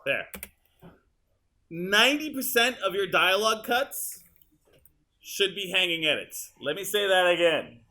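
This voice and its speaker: A male teacher walking students through an editing demonstration in a high school classroom, casual and chatty as he works. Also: expressive, unhurried, pauses often, sharp tone. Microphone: room mic, uneven audio quality.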